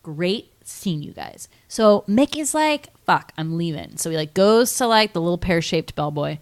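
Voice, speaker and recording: A woman co-hosting a podcast, telling a film's plot in a chatty, animated way with lots of "like" and acted-out quotes. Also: lowish voice, unhurried. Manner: animated storytelling with many likes and acted-out quotes. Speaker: podcast co-host. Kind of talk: casual movie recap chat.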